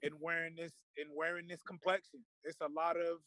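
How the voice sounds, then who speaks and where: A man's voice: a little high, little pitch movement, brisk, sharp tone, no echo, rough recording. A man speaking earnestly and with feeling in a casual discussion, with many fillers and restarts. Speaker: guest.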